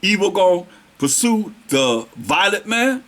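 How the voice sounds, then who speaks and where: A man teaching scripture as a preacher, reading verses slowly and then restating them in plain street talk. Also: fairly high pitch, animated, fairly bright tone. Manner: slows down to stress the verses.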